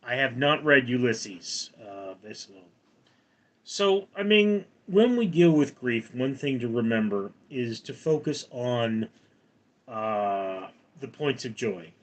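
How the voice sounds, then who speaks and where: A man's voice: mid-range voice, big pitch swings, takes it slowly. A man in his forties hosting a live stream, reading out viewer comments and rambling in reply. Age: 40s. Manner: rambling, reads viewer comments aloud and answers them. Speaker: livestream host.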